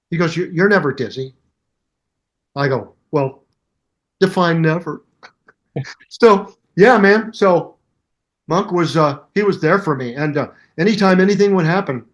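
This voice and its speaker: An older man in his seventies, a musician telling a long anecdote in an interview and acting out both sides of the conversation in lively voices. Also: fairly high pitch. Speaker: guest musician. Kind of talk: animated storytelling interview.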